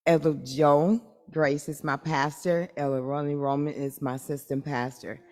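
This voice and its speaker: A woman's voice: low voice, little pitch movement, normal speed, a little mellow, big-room sound. A woman eagerly greeting a church assembly, saying how thrilled she is to be there. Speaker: church member.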